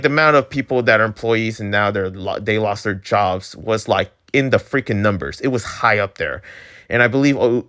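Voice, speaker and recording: A man's voice: medium pitch, fairly bright tone. A man ranting casually to his viewers, rambling and exasperated, with lots of filler words. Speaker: channel host. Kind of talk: casual rant to camera.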